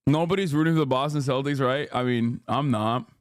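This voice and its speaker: A man hosting a live stream, talking in brash, profane, casual commentary with quick asides into a close mic. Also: medium pitch, smooth, no echo. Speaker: livestream host.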